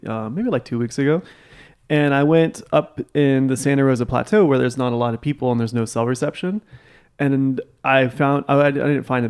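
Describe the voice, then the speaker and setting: A young man talks quickly in a casual family chat. He rambles through a story, stopping often on filler words, in an even middle-pitched voice. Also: clean tone.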